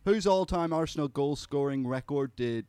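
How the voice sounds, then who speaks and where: A man's voice: fairly high pitch, moderate pace, warm tone, clear, resonant tone, no echo. A man acting as quizmaster on a podcast, reading questions in a laid-back way. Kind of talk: casual chat.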